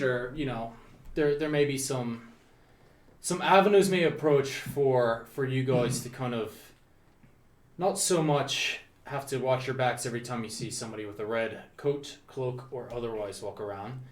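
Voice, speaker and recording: A man playing a smooth-talking male negotiator in a red cloak, who hedges and fills his lines with "uh". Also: mid-range voice, normal speed, close to an everyday voice. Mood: persuasive. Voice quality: hedging, with many fillers. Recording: roomy sound from a distance.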